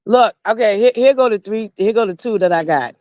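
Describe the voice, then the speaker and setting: A woman with a Southern American accent hosting a casual livestream gossip chat, animated and quick to laugh, talking straight to her viewers. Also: medium pitch. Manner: animated, laughs often, talks to viewers as y'all. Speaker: livestream host.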